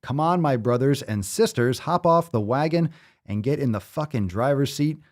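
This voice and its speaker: A man hosts a fitness podcast in a casual, swearing, joking manner. He reads listener letters out loud and keeps cutting in with his own cracks. His pitch sits right in the middle for a man. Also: lively intonation, moderate pace. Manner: profane, joking, reads letters aloud with running asides. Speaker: podcast host. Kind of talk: casual chat reading listener messages.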